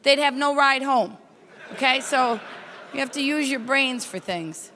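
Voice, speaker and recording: A woman's voice: high-pitched, sharp tone, slight background noise. A woman doing brash stand-up comedy with crowd work, hosting a corporate welcome night at a hotel conference. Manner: brash, teasing, rapid storytelling. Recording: echoey hall.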